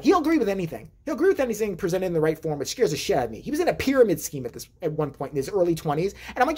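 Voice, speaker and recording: Husky, fast-talking woman telling stories. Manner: animated, profane, acts out voices with big pitch jumps. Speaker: vlogger. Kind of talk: casual storytelling.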